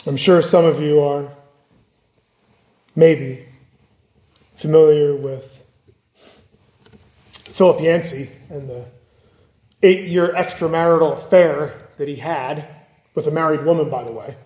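Male preacher, high voice, earnest, acts out quotes, echoey church hall. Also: fairly even intonation, takes it slowly, long pauses, dark tone. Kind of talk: sermon. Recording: echoey room.

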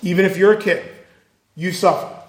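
A man preaching in a high voice, earnest and emphatic, leaning on repetition and rhetorical questions. His sermon rings through an echoey church hall. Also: normal speed.

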